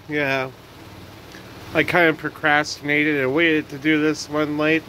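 Man, tired vlogger, rambling monologue, slow delivery, faint hum behind. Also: a little high, flat delivery, pushed and bright, poor audio. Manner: rambling, self-talking, sighs and trails off. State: tired, yawning. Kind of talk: casual late-night vlog monologue.

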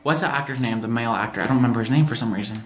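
A man's voice: medium pitch, very fast, a little hiss or hum. A man hosting a casual chat, giggly, teasing and sassy, in an echoey room. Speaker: host. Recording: roomy echo.

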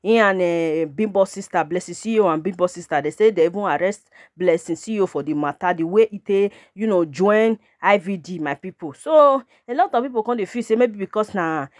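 A woman's voice: medium pitch, brisk, dry recording, studio quality. A woman with a Nigerian Pidgin English accent hosting a celebrity gossip channel, chatting casually and calling out to her viewers again and again. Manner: chatty, repeatedly addressing her audience.

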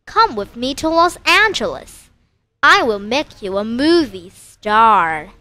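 A woman's voice: on the high side, sing-song, slow pace, sharp tone, full character voice. A woman voicing an enthusiastic man who invites someone to become a movie star. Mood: excited. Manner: enthusiastic, persuasive. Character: excited man offering stardom.

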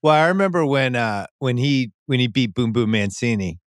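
A man's voice: mid-range voice, expressive, normal speed, no echo, clean studio sound. A man hosting a podcast interview, talking in a chatty way with rambling asides. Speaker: podcast host. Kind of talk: casual interview conversation.

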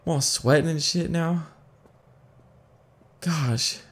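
A man casually commenting while playing a horror game, jumpy and excitable, cursing freely and thinking out loud. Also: on the high side, takes it slowly. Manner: jumpy, excitable, swears a lot. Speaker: gaming video host. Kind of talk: casual let's-play commentary.

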